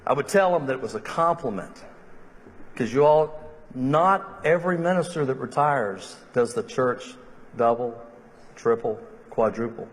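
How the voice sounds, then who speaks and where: A middle-aged man, a minister giving a funeral eulogy and telling humorous stories, slipping into lively quoted voices. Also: medium pitch, measured pace. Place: church sanctuary. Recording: long reverb of a large church hall.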